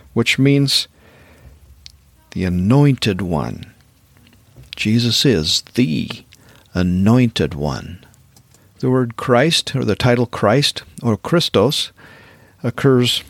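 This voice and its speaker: A man's voice: lowish voice, husky, no room sound. A man hosting a devotional podcast, earnestly reading and explaining Bible verses. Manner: earnest, reading scripture aloud with emphasis. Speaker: podcast host.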